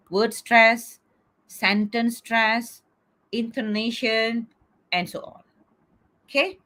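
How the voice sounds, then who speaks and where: A middle-aged woman teaching an online class over a video call, coaxing students and checking in with "okay?" after nearly every point. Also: mid-range voice. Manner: repeats "okay?" often, coaxing. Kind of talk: online lecture.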